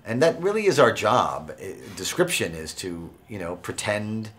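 A man talking as an actor and interview guest, relaxed and wry in casual conversation. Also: lowish voice, moderate pace.

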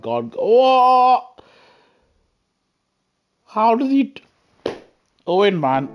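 A man chatting casually on a gaming live stream through a headset, effusive and excitable as he gushes at his viewers. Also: mid-range voice, muffled recording. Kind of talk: casual live-stream chat while racing.

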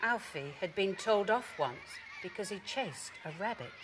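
A woman gently reading a children's story aloud. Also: medium pitch, animated, measured pace, noisy background.

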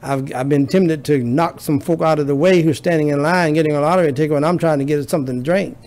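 A man's voice: on the high side, fast, darkish tone. A man preaching a sermon as pastor, building emphasis through repetition.

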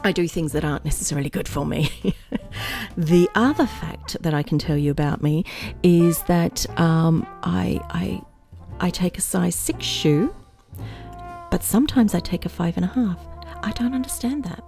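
A woman's voice: on the low side, moderate pace, vocal fry, warm tone, soft background music. A middle-aged woman vlogger chatting casually in a rambling, playful way and laughing often at her own jokes.

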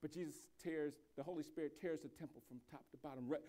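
High-voiced pastor preaching a sermon. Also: male voice, fairly even intonation. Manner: builds from quiet, reflective speech to loud, slow, emphatic preaching; frequent restarts and repeated words.

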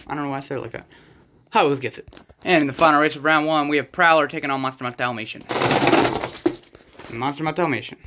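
A slightly high-voiced man rattles off quick, excitable play-by-play for toy truck races with sudden exclamations. He is at home on a rug floor, and the recording carries loud background noise with clicking sounds. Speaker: race commentator and organizer.

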